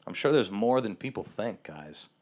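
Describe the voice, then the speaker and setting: A man with a lowish voice rambles through a solo podcast rant, sarcastic and profane. He restarts sentences, leans on fillers, and has the hiccups. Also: expressive, normal speed, darkish tone. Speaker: podcast host.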